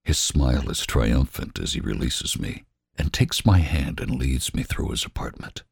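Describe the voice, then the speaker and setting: Male reader for romance audiobook; deep, husky, slow and hushed. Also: lively intonation, no echo, studio quality. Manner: slow, hushed, often whispering. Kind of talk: scripted narration.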